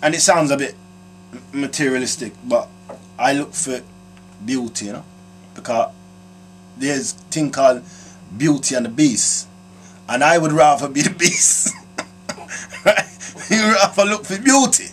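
A man with a London accent hosting a comic advice show, answering viewer letters in slangy, animated streetwise patter. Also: a little high, slow, long pauses, a little hiss or hum. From South London. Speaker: host answering viewer questions.

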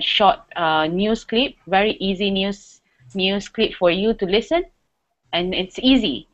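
A woman's voice: medium pitch, dull audio. A young woman hosting a casual chat, talking hesitantly with fillers. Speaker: host.

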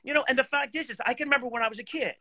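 A man on a video call chatting casually, animated and swearing, with lots of fillers. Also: extremely high pitch, rapid-fire, no room sound. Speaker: guest horn player.

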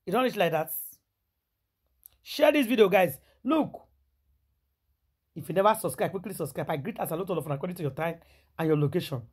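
Husky Nigerian woman dishing gossip. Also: lowish voice, expressive, a little fast, long pauses, a little mellow. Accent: Nigerian Pidgin English. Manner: theatrical, exclaiming, repetitive. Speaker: celebrity gossip vlogger. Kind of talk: dramatic gossip commentary.

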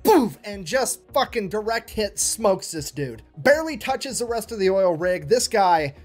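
Profane animated storyteller man. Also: high voice, measured pace, soft background music. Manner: profane, animated, acts out quotes. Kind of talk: comedic history storytelling.

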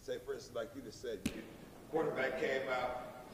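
A man's voice: medium pitch, fairly even intonation, moderate pace. A man in the audience putting blunt, folksy questions to a speaker. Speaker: audience member asking questions. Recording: distant voice in noisy echoey hall.

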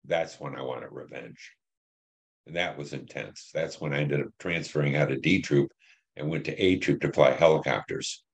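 An older man in his seventies, a veteran from Detroit, telling war memories in an interview, plain and halting with many fillers. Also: a bass voice, gravelly. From Detroit, Michigan. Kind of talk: oral history interview.

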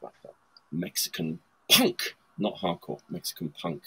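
A man with a low voice hosts a casual video-call chat about punk records, presenting his vinyl picks. His pitch swings hugely while his pace stays measured, and his tone is bright and forceful. He rambles enthusiastically, laughing often and using many fillers, over slight background noise.

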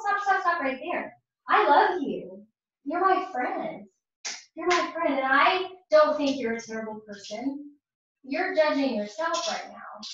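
A woman teaching a parish faith class, telling personal stories with earnest, emphatic repetition. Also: fairly high pitch. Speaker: catechist. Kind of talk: faith formation class talk. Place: church hall or parish classroom. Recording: echoey room, far from mic, dull sound.

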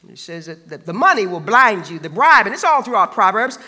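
A pastor delivers his sermon in a bright, sharp voice that swings widely up and down in pitch. He talks in an emphatic, colloquial way and hammers each point through repetition. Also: big pitch swings, a little fast, big-room sound. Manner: emphatic, colloquial, repeats phrases for stress. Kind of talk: preaching a sermon.

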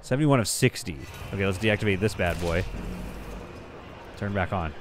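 A man commentating casually on a space building game, thinking aloud and reacting with excited exclamations. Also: low voice, moderate pace, background noise. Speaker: gameplay commentator. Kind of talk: casual let's-play commentary.

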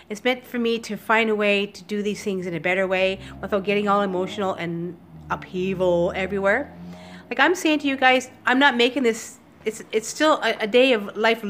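A woman talking to her viewers in a casual daily vlog from home, emotional and teary, speaking haltingly with many restarts into a computer webcam. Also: on the high side, fairly bright tone. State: upset and teary. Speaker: vlogger. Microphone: computer webcam recording.

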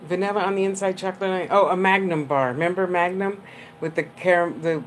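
A woman's voice: fairly low pitch, steady tone, brisk, a little hiss or hum. A woman, a clairvoyant medium, giving a live-streamed reading in a chatty, affectionate, rambling way and laughing often.

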